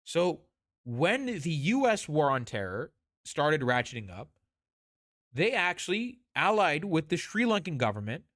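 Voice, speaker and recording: A man's voice: fairly high pitch, a bit bright, dry recording, studio quality. A man giving casual commentary over a video, explaining at length, restarting his sentences, and openly scornful of police. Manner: explanatory, restarts and corrects himself; blunt, scornful toward police. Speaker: commentator reacting to footage.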